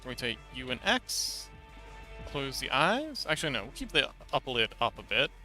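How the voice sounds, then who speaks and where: Chatty streamer guy, animated and bright, soft music playing underneath, fillers everywhere. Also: medium pitch, normal speed, poor audio. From Hong Kong. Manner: chatty, reads out chat, frequent fillers and restarts. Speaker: VTuber streamer. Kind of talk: casual livestream chat while modeling. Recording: dry close mic, faint background music.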